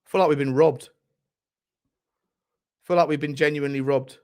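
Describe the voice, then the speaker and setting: A man's voice: fairly high pitch, fairly even intonation, moderate pace, a little mellow. A young man hosting a live football watchalong, furiously ranting and swearing at the referee. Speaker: football fan channel host.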